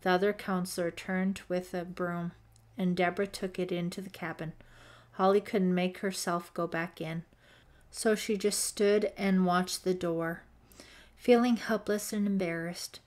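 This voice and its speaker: A woman narrating a teen horror audiobook in a measured, suspenseful reading. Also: on the low side, steady tone, darkish tone. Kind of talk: scripted narration.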